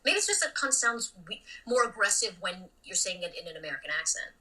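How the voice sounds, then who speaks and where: A woman comedian chatting casually as a podcast guest, blunt and animated, swinging between loud remarks and muttered asides. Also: medium pitch, brisk, distant mic, low-quality recording.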